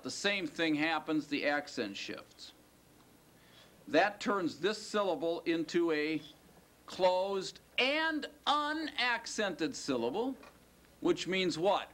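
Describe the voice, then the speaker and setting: Man lecturing a class, slightly high voice. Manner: questioning, drawn-out stressed words. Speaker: Hebrew teacher.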